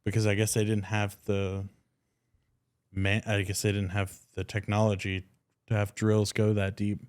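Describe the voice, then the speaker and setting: A young man co-hosting a podcast, telling stories in a loose, excitable way and swearing casually. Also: lowish voice, moderate pace, smooth. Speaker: podcast co-host. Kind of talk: casual chat.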